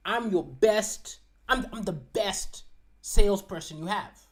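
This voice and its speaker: A man doing a shrill, insistent deluded salesman. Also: animated, takes it slowly.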